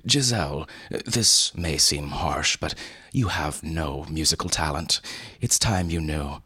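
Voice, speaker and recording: A man's voice: a bass voice, slow pace, bright, forceful tone, slightly rough, no room sound, studio quality, full character voice. A man voicing a snooty talking cat. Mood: mock sympathy. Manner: condescending, lecturing.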